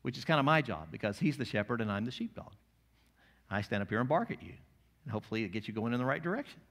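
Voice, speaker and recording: A male pastor preaching a sermon, moving between quiet, intimate lines and loud, emphatic passages. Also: medium pitch, animated, fast.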